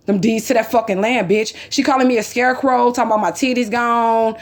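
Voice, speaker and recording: High-pitched woman vlogger, heated and profane, retells a quarrel line by line. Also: fairly even intonation, fairly quick. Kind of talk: angry personal storytelling.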